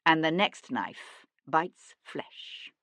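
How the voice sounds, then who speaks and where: A woman's voice: low-pitched, animated, a little slow, fairly bright tone, no echo, heavily acted. A woman voicing a cold, stern young nobleman who speaks in a clipped, threatening way. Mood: menacing.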